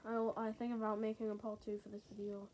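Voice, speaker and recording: A woman's voice: mid-range voice, completely flat delivery, fast. A woman chatting casually in a hotel room, out of breath, rambling with many fillers and restarts. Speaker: vlogger. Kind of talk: casual vlog chat. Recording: loud background noise. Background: loud noise.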